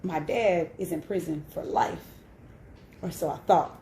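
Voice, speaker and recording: A woman's voice: on the low side, unhurried, dark tone, roomy sound, slight background noise. A woman in her thirties sharing a personal story on a live stream, candid and emphatic, often checking in with "right?". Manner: candid and emphatic, with frequent "right?" tag questions. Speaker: host.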